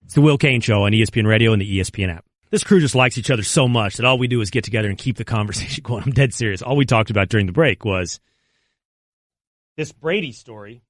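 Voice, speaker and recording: A man hosting a sports talk radio show in a studio, ranting in mock outrage with loud exclamations. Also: lowish voice, fast talker, no room sound. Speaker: radio host. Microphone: close studio mic.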